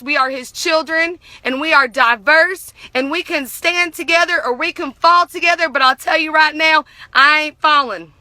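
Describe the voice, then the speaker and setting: A woman's voice: sits high, pushed and bright, dry recording. A young woman delivering a heated, profane political rant to the camera. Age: young adult. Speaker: vlogger.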